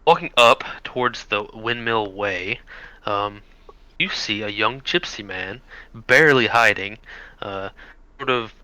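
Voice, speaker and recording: A man's voice: lowish voice, takes it slowly, pushed and bright, clear, resonant tone, rough recording. A man narrating a tabletop role-playing game as game master, with frequent hesitations. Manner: hesitant with many ums.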